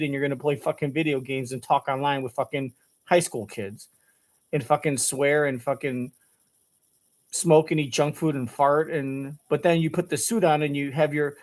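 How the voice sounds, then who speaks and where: Profane male reaction commentator, sarcastic, slightly high voice. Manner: crude, sarcastic, heavy swearing.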